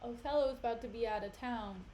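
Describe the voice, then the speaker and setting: A woman's voice: fairly high pitch, brisk, warm tone, natural voice. A woman voicing a scheming man who pushes his friend along in impatient slang. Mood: pushy.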